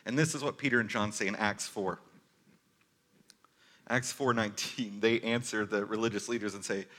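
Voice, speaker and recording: Bright-voiced man preaching a casual sermon. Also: mid-range voice. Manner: conversational, animated preaching with casual asides. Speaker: pastor.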